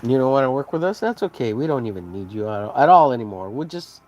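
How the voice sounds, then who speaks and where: A man's voice: mid-range voice, sing-song, fast talker, hardly any pauses, a little mellow. A man hosting a podcast, ranting casually in a profane, rambling, heated way. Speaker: podcast host. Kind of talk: casual rant.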